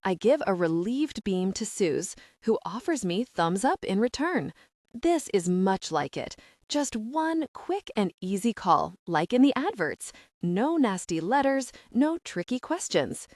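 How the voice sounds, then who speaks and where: A woman reads a novel aloud with a lively, animated delivery, shifting voices as the characters trade lines. Her sound is close and dry, with no room around it. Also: mid-range voice, unhurried, dry recording. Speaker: audiobook narrator. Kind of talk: scripted audiobook narration voicing characters.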